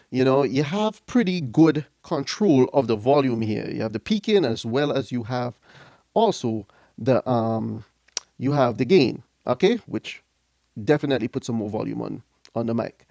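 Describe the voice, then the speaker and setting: A man's voice: medium pitch, darkish tone. Casual man demoing gear into a mic. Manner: loose and conversational, checks in with the viewer after nearly every phrase. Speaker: product reviewer. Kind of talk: casual hands-on gear demo. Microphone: speaking into a studio mic run through the mixer being tested.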